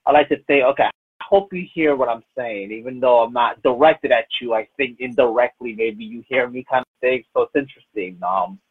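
A man hosting an interview talks in an emotional, rambling way, full of fillers and restarts. His voice is somewhat husky and comes over a narrow, tinny phone line. The sound is dry, with no room around it. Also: medium pitch, a little fast, no room sound. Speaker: podcast host. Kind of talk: casual interview chat. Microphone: phone call. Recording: muffled phone-like call audio.

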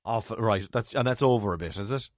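A man's voice: lowish voice, brisk, dry recording, studio quality. A man co-hosting a podcast in casual chat, wry and joking. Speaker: podcast co-host.

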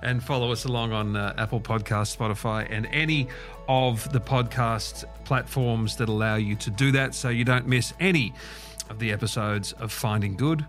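A man's voice: mid-range voice, moderate pace, a bit bright. A man hosting a podcast, wrapping up the episode in a casual, friendly way with a bit of teasing. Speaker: podcast host. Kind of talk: podcast outro, casual chat. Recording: faint music behind.

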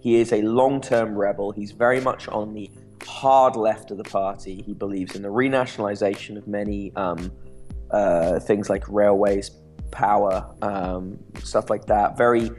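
A man's voice: fairly low pitch, fairly even intonation, moderate pace, a little mellow, soft background music. A man co-hosting a casual political chat, joking and loose, with plenty of fillers. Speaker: podcast co-host. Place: Amsterdam studio or home setup.

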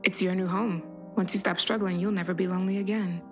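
A woman voicing a calm, possessive, sinister man in a read horror story, speaking softly and coaxingly, with music behind. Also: medium pitch, quick pace, close to an everyday voice.

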